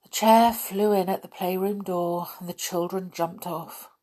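A woman reading a children's story aloud in an expressive, unhurried way. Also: lowish voice.

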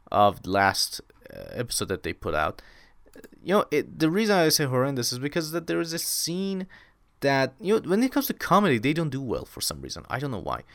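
A young man hosts his own podcast in an easygoing, rambling way, piling up repeated words when he gets excited. His voice is smooth and resonant and swings animatedly up and down. The sound is dry and close, with no room around it. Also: medium pitch, dry recording. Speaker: podcast host. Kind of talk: casual solo podcast chat.

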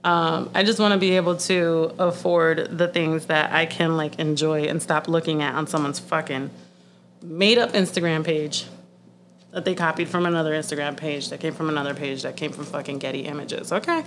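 Casting: young woman, low voice, blunt, profane, casual podcast chat. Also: fairly even intonation, moderate pace, a little hiss or hum. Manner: blunt, swears often, laughs a lot.

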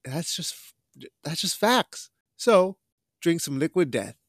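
A man's voice: a little high, big pitch swings, takes it slowly, fairly bright tone, dry recording, clean studio sound. A young man hosting a casual podcast, talking in a loose, rambling way with lots of swearing and bits of Spanish. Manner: loose, profane, rambling, drops Spanish phrases. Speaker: podcast host.

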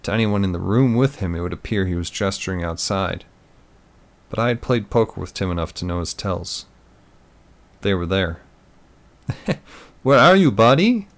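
A man narrating a first-person thriller story in a steady, measured reading voice. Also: deep voice. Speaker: audiobook narrator.

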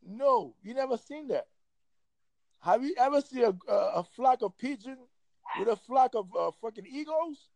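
A man's voice: very high-pitched, animated, normal speed, gravelly, a little mellow, no echo, low-quality recording. A man in casual chat, ranting in a heated, emphatic and profane way.

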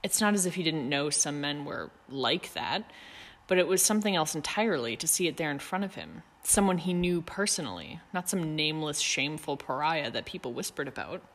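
Low-voiced woman narrating with long reverb. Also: expressive, a little fast. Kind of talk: scripted narration of fan fiction.

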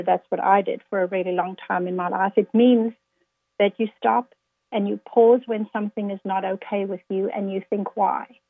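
Earnest woman guest over a tinny line. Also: medium pitch. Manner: earnest, quotes scripture, motivational. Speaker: guest speaker. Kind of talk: faith-based interview answers.

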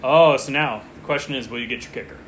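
A man's voice: medium pitch, fast, a bit bright, a little hiss or hum. Chatty man rambling through a draft. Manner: rambling, chatty, easily distracted. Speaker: podcast co-host. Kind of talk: casual chat during a fantasy football draft.

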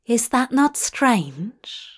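A woman's voice: a little high, sing-song, drawn-out words, breathy edge, exaggerated voice. A woman voicing an earnest, fussy, bookish male angel who declaims love poetry in a fanfiction audiobook reading.

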